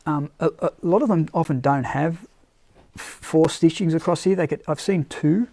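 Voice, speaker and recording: Male live-stream presenter, raspy edge, easygoing and a bit halting, unscripted product walk-through. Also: on the high side, warm tone. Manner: unscripted, searching for words as he shows items.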